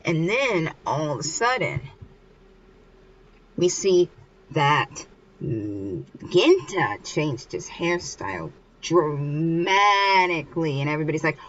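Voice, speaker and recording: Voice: mid-range voice, sing-song, takes it slowly, long pauses. A vlogger casually retelling a comic chapter, rambling loosely with lots of filler and restarts. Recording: muffled with faint hiss.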